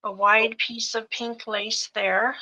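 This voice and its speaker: Slow, bright-voiced woman selling craft kits. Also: fairly high pitch, flat delivery, poor audio. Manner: gentle, fond, lists items piece by piece. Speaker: co-host showing craft kits for sale. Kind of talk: live sales show, describing fabric bundles.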